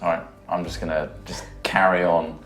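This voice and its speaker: Low blunt man at the game table. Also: flat delivery, moderate pace, a bit bright. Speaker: player. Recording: echoey room with music.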